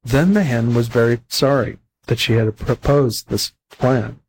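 A man reading a children's fable aloud as a volunteer audiobook narrator, calm and unhurried. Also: medium pitch, a little hiss or hum, rough recording. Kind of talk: storybook narration.

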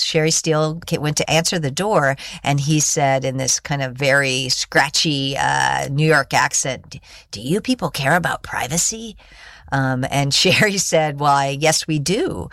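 A woman's voice: rumbling low, creaky, a bit bright, no echo, studio quality. A middle-aged woman, a guest in an interview, explaining and telling a story at length with frequent fillers and restarts. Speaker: guest, executive director of a digital rights group.

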